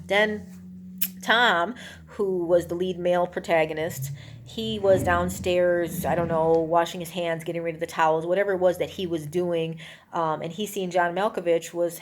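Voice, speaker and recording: A woman reviewing a movie, retelling its plot in a casual, rambling way with many fillers and acting out the characters' lines. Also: lowish voice. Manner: rambling, full of "you know" and "um"; acts out characters' lines in a raised voice.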